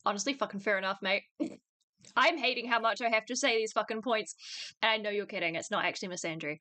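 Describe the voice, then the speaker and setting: A woman's voice: mid-range voice, fast, sharp tone, no room sound. A woman hosting a casual livestream reaction chat, crude and teasing, laughing often as she talks over a video. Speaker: streamer host.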